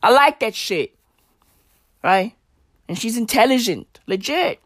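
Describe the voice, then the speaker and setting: A woman's voice: fairly high pitch, animated, slow, no room sound, studio quality. Brash, profane woman ranting. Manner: brash, profane, slangy, repetitive. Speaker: comedic commentator. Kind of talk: profane comedic rant.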